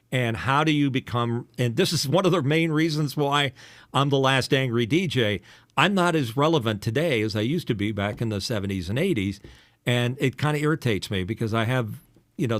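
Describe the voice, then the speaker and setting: A man's voice: mid-range voice, a bit bright, no echo, clean studio sound. An older man from the eastern United States, a former radio DJ hosting a casual podcast chat. He has a polished radio voice and a teasing, rambling way of talking with lots of fillers.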